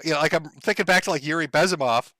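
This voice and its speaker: A man's voice: fairly high pitch, quick pace, pushed and bright, dry recording. A man rambling sardonically through a casual livestream monologue, swearing freely and laughing often. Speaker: streamer.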